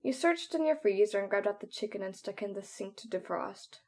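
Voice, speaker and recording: A woman's voice: medium pitch, animated, brisk, darkish tone. A woman narrating a second-person fan story to the listener.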